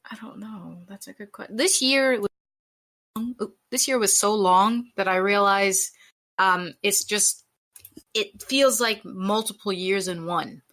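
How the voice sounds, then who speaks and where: A woman in easy podcast chat who hesitates often and then rambles on. Her voice sits at a middle pitch. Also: measured pace, a bit bright. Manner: chatty and hesitant. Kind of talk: casual chat.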